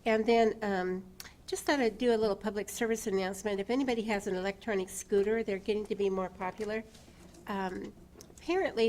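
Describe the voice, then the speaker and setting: A female council member gives updates to the meeting with many ums and pauses. Her pitch sits mid-range. A faint room noise sits under her voice. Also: darkish tone. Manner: hesitant, many fillers. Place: council chamber.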